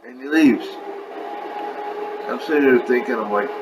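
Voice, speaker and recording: A man's voice: medium pitch, moderate pace, pauses often, background noise. A young man venting about his health in a frustrated, rambling way, talking casually to camera at home. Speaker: vlogger. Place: at home with his dog on his lap.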